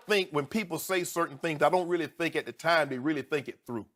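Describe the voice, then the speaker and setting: A middle-aged TV sports commentator argues heatedly, sounding emphatic and indignant. His delivery swings between low, measured speech and loud outbursts packed with rhetorical questions.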